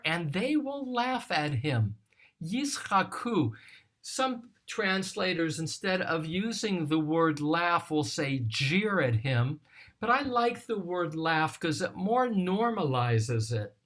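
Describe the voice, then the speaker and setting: A teacher giving a recorded study lesson on a psalm, reading verses aloud and explaining them in a slow, deliberate way. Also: medium pitch, a bit bright. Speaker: teacher of scripture.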